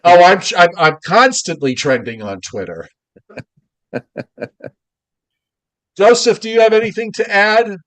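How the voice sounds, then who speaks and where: A man's voice: high-pitched, sing-song, unhurried, long pauses, fairly bright tone. A man co-hosting a live weather podcast, chatting casually with a sarcastic, joking manner. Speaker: podcast co-host.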